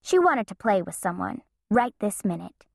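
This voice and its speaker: A woman narrating a children's storybook in an expressive, playful way. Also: medium pitch, normal speed, creaky, dry recording, studio quality. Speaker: audiobook narrator.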